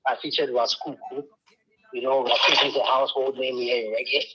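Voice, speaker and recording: A man, a reggae artist, talking about his music in a radio interview, animated and storytelling. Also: medium pitch, a little fast, breathy edge, dull audio. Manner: animated storytelling, mimics others' voices.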